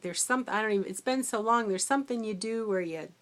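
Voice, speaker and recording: A middle-aged woman, tired from a sleepless night, telling a rambling, chatty story about her day substitute teaching, and growing animated when she quotes herself. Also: mid-range voice, fast. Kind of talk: casual storytelling vlog.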